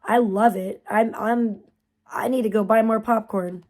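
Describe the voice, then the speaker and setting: A woman's voice: fairly high pitch, steady tone, measured pace, a little mellow. Blunt mocking woman streamer. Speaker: streamer reacting to clips. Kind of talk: casual livestream commentary.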